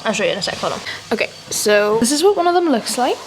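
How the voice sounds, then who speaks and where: Young woman, higher voice, casual home-kitchen vlogger, phone mic. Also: sing-song, quick pace, slight background noise. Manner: chatty, exasperated asides to her dogs. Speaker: vlogger building a nutrition brand. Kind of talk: casual vlog narration.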